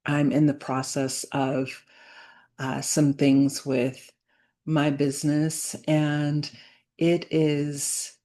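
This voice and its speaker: A woman speaking to camera in a reflective personal vlog, earnest and halting, with many fillers and restarts. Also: sits low, monotone, mellow. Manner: earnest, faith-centered. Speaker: business owner vlogging.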